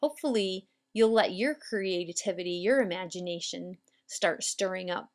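A woman calmly explaining hair braiding steps as an instructor, patient and methodical. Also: lowish voice, moderate pace. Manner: calm, patient, step-by-step explaining. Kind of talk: instructional demonstration.

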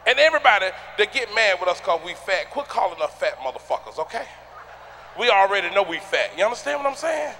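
A man doing a stand-up comedy routine on a theater stage, loud and boisterous, acting out people with shouts and sounds. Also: sits high, very animated, fast, a little hiss or hum.

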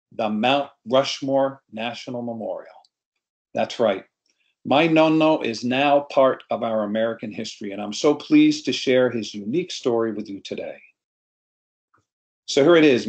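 A middle-aged man from New York, a storyteller, giving an anecdotal presentation on a video call. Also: medium pitch.

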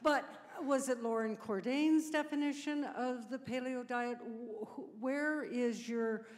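A woman from the audience asks a long, meandering question at a conference, stopping and restarting as she goes. The sound is reverberant, like a large hall. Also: on the high side. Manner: rambling, halting, laughing self-consciously. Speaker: audience member asking a question.

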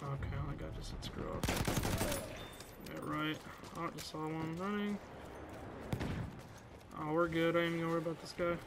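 Young man, gaming commentary, slightly high voice, loud gunfire behind, excitable, swears a lot. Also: moderate pace, gravelly, long pauses, heavy background noise. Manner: hyped, swearing, self-mocking banter. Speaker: gaming YouTuber. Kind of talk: live gameplay commentary. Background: game gunfire and explosions.

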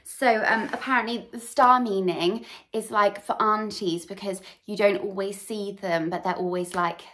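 A woman's voice: mid-range voice, steady tone, normal speed, fairly bright tone. A young woman from England vlogging, chatting casually about gifts in a rambling way with many fillers, recorded on a camera mic at home. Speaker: fashion vlogger. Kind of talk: casual chat.

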